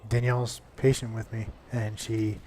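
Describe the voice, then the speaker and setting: A man's voice: fairly low pitch, level tone, moderate pace, dark tone, slight background noise. A young man chatting casually over gameplay, rambling and swearing with lots of restarts. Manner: rambling and profane, many restarts.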